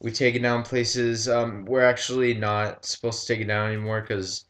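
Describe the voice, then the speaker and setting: A man casually telling a rambling story over gameplay, halting often with ums and likes and swearing freely. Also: medium pitch, level tone, fairly bright tone. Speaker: gaming commentator.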